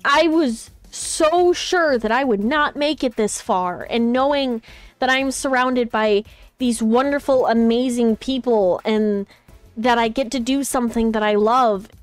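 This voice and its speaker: A woman streamer with a high voice chats with friends, gushing and rambling, often restarting her sentences. The sound is dry and close. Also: measured pace, no room sound, soft background music. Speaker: streamer host. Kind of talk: casual chat on a live stream.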